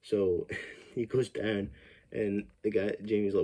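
Low-voiced man swearing through a film recap. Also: fairly even intonation, unhurried, a little mellow, slightly rough. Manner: rambling, profane, laughs often. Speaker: film reviewer. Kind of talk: casual movie recap.

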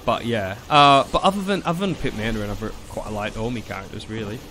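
A man's voice: fairly low pitch, quick pace, pushed and bright. A man streaming a video game alone, chatting casually, rambling and swearing as he plays from home. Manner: rambling, swears freely, trails off. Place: home room.

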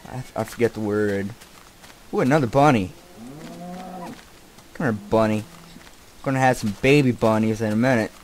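A young man giving casual, distracted commentary while he plays a game. He swears often and keeps yelling at the animals and characters on screen. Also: fairly low pitch, moderate pace, pauses often, slight background noise. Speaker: gameplay commentator.

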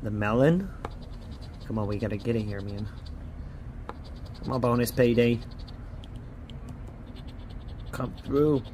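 The host of a lottery scratch-off channel grumbles through a casual vlog while scratching tickets, frustrated and often tacking "man" onto his sentences. His mid-range voice has a darkish tone and normal speed, with a little hiss or hum in the recording.

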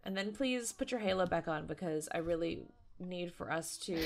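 A woman commentating a life-simulation game, chatty and excitable, talking to her viewers and to the characters on screen. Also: lowish voice, moderate pace, gravelly. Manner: excitable, squeals and laughs at surprises. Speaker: gaming YouTuber. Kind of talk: let's play commentary.

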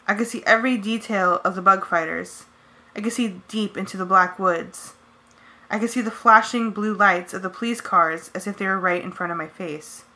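Bright-voiced woman reading a story. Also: mid-range voice, rough recording. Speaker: audiobook reader. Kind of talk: first-person novel narration.

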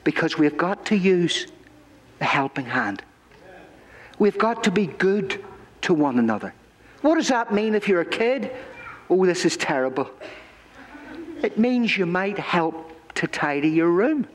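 A male pastor giving a children's sermon, telling stories in an animated, playful way in a church. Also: high voice, measured pace, pauses often, slight background noise. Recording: echoey church hall.

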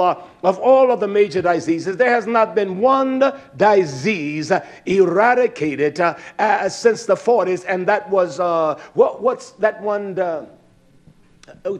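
Man, fiery religious teacher with a high voice; swings from shouted rebukes to hushed asides. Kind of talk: impassioned preaching.

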